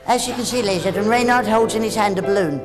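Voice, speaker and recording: A man in his thirties with a squeaky, high voice, doing cheeky, quick-fire stand-up comedy. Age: 30s. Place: theatre stage. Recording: live stage show with crowd and music. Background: audience laughter and music.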